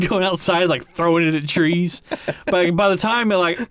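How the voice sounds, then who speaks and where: A man's voice: sits high, normal speed, a bit bright, clear, resonant tone, no room sound. A man co-hosting a podcast, telling childhood stories in a laid-back way, swearing freely and laughing at his own tales. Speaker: podcast co-host. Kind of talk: casual storytelling chat.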